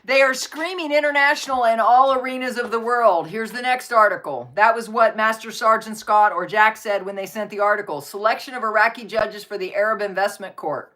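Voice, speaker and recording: A woman's voice: fairly high pitch, a little fast, few pauses, sharp tone. A woman hosting a casual live stream, reading news articles aloud and adding her own faith-based commentary, now and then breaking off to coo at her dogs.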